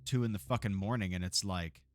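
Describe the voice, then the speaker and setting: A man's voice: deep voice, brisk. Laid-back profane streamer man. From Texas. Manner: laid-back, profane, laughs often, jokey asides. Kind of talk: casual live gameplay chat.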